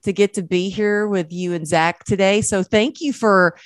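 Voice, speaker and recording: A middle-aged woman with a Southern US accent, a guest telling her story in an effusive, warm way. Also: medium pitch, steady tone, normal speed, no echo, clean studio sound. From American South. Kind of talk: casual interview talk.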